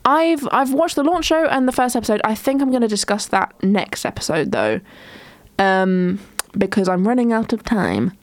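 A woman's voice: on the high side, animated, moderate pace, no room sound. A young woman hosting a casual solo podcast, chatting in a rambling way with many ums and restarts. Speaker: podcast host.

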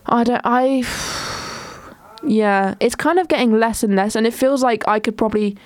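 Young woman, solo podcast host, rambling casual chat, a touch high-pitched, dry close sound. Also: normal speed, darkish tone, dry recording. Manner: chatty, rambling, frequent ums and restarts.

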